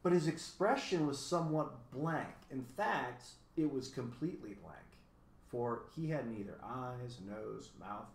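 A man reading a children's story aloud as narrator, in an expressive, even storytelling manner, in a roomy recording. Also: mid-range voice, unhurried, creaky. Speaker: audiobook reader.

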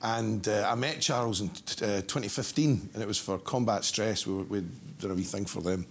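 A man's voice: on the low side, moderate pace, slight background noise. A Scottish man, a guest impressionist, telling anecdotes in casual chat. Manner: animated storyteller, jumps into voices.

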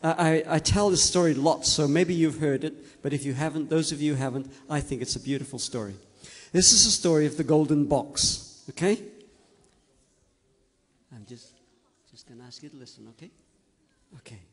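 A man tells a story to a group of children, gentle and coaxing, checking in with them as he goes. His voice sits a little high. It carries a long echo through a large hall. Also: normal speed.

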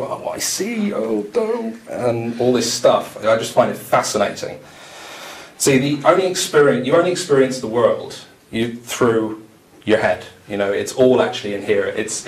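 A man speaks to a conference audience in a low voice, telling anecdotes in a loose, conversational way. His voice rings in a roomy hall, with faint noise behind it. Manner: anecdotal, conversational, many fillers. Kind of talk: storytelling talk.

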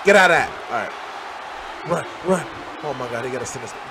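A man's voice: mid-range voice, lively intonation, a little fast. Guy screaming and cussing at a wrestling game, voice swings all over, lots of game noise. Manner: loud, profane, trash-talking, frequent shouts. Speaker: gaming channel host. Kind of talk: live reactive gameplay commentary. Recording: crowd and game noise behind.

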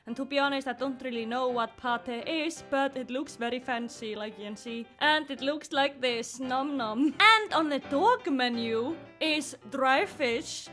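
A young woman with an Icelandic accent, vlogging indoors and chatting excitedly, giggling and baby-talking to her pets. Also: high voice, unhurried, few pauses, faint music behind. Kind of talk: casual vlog narration. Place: indoors at her mother's house.

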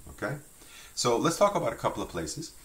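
A man teaching a French language lesson, relaxed and chatty, with frequent fillers and restarts. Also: mid-range voice, a little fast.

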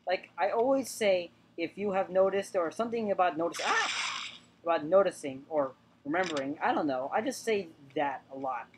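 A woman's voice: fairly low pitch, a little fast, few pauses. Chatty woman doing game commentary, noisy. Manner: chatty, repeats words, talks to the game characters. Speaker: gaming channel host. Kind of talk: let's play commentary.

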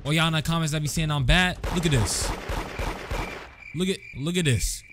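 A young man giving casual, slangy commentary while playing a shooting game, animated and quick to trash-talk. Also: on the high side. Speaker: gaming video creator. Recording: game gunfire noise behind voice. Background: game gunshots and clicks.

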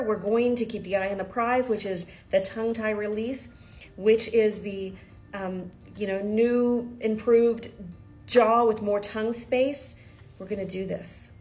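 A woman's voice: medium pitch, steady tone, moderate pace, darkish tone, soft background music. Nervous, confiding woman from Kentucky. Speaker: vlogger. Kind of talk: personal video diary.

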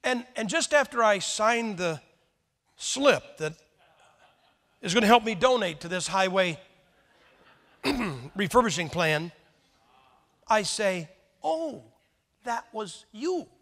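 A man's voice: high voice, lively intonation, slow, pauses often, a bit bright. A man in his sixties preaching a folksy sermon, joking and firing rhetorical questions at the congregation. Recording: long hall reverb.

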